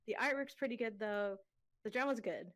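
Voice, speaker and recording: A woman's voice: a little high, fairly quick, a bit bright. A young woman in casual chat as a co-host, chatty and giggly, full of fillers.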